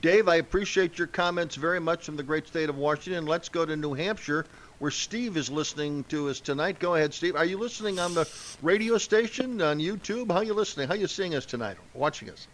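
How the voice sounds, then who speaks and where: A man hosting a call-in radio show, taking callers briskly and in a friendly way. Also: on the high side, lively intonation, fairly bright tone.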